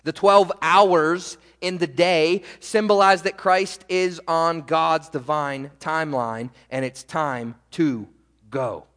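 A middle-aged male pastor preaching a sermon in a church, animated, asking the congregation rhetorical questions. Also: on the high side, slow, in a large hall. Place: church sanctuary.

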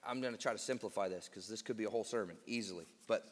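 A man's voice: on the low side, very fast. A man preaching a sermon as pastor, teaching emphatically and drawing out key phrases of scripture. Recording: long hall reverb.

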